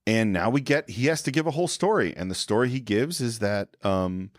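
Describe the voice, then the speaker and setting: A man's voice: on the low side, animated, fairly quick, no echo, clean studio sound. A man co-hosting a film podcast, casually retelling a movie scene by scene and briefly acting out the characters' lines. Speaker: podcast co-host.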